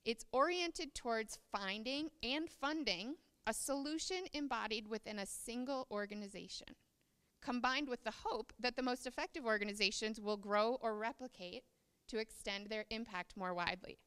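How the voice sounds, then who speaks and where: A woman's voice: on the high side, moderate pace, a bit bright, clear, resonant tone, big-room sound. A woman giving a conference presentation, explaining ideas and reading passages aloud from notes on a podium microphone.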